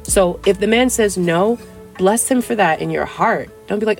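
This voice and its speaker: A young adult woman hosting a casual dating-advice podcast, chatty and playful, acting out little dialogues with big jumps in pitch. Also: moderate pace, gravelly, faint music behind. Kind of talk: casual solo podcast talk.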